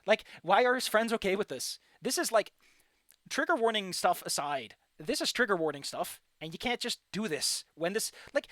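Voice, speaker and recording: A man streaming a game, giving casual, animated commentary and ranting with frequent swearing. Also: sits high, normal speed, no echo, studio quality. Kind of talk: casual let's-play commentary.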